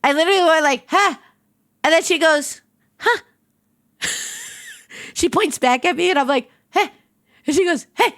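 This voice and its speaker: A woman's voice: extremely high pitch, normal speed, pauses often, no room sound, clean studio sound. A woman streamer casually telling a story to her chat, acting out the quotes from it. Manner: animated anecdote telling with acted-out quotes.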